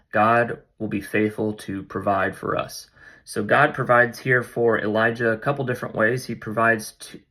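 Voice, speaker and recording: A man's voice: lowish voice, fairly bright tone. A man hosting a casual Bible study vlog, retelling the passage in a playful, jokey, slangy way. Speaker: vlog host.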